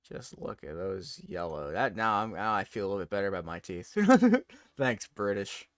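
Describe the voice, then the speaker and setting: A man's voice: deep voice, normal speed, fairly bright tone, no room sound, clean studio sound. A man chatting casually on a live stream while editing photos, giggly and self-mocking.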